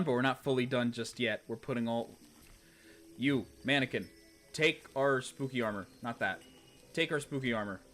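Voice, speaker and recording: A young man commentating a video game stream, exasperated and talking to himself, swinging from low muttering to loud outbursts. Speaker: gaming streamer. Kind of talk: let's play commentary.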